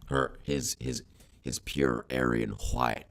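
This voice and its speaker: A man's voice: very deep voice, flat delivery, takes it slowly. A man co-hosting an improvised comedy podcast, telling absurd stories in a rambling, stammering way. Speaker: podcast co-host.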